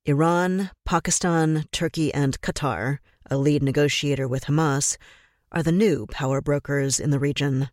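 Grave, measured male political commentator. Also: a little high, fairly even intonation, a little mellow, dry recording, clean studio sound.

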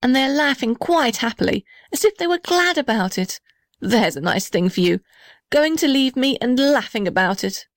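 A woman's voice: high voice, animated, moderate pace, dry recording, studio quality, pitched above the performer's own voice. A woman voicing a sulky young male house who sighs and pities himself. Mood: mournful. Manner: whiny, sighing, self-pitying.

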